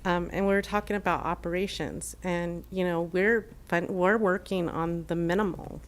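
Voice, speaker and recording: A woman who manages a shelter program speaks during public comment in a city council chamber, her remarks heartfelt and emotional yet riddled with fillers and restarts. She talks at normal speed in a fairly low, steady voice.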